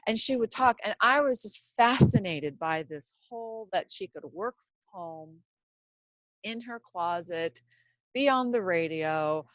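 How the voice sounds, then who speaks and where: A woman with a mid-range voice is heard with no echo and dull audio. In her fifties and from Seattle, USA, she hosts a podcast from her home closet, a casual monologue that's chatty, rambling, and self-deprecating.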